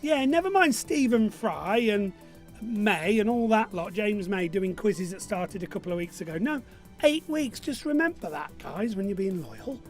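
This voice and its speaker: A man's voice: sits high, expressive, normal speed, soft background music. A man from Burnley, hosting an online pub quiz in a chatty, joking way and reading out viewer messages. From Burnley, Lancashire, England. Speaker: quiz host. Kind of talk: live-streamed pub quiz chat.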